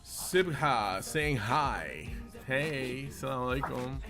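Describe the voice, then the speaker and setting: A man's voice: mid-range voice, slow, music in the background. A man hosting a casual group livestream, greeting viewers and reading out where they are checking in from. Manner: reads out viewer check-ins, relaxed, with fillers.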